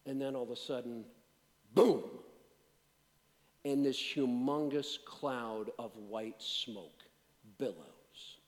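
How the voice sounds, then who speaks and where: Speaking slowly in a large hall, a male pastor with a mid-range voice delivers a sermon. He shifts between loud, emphatic preaching and quiet, self-deprecating stories.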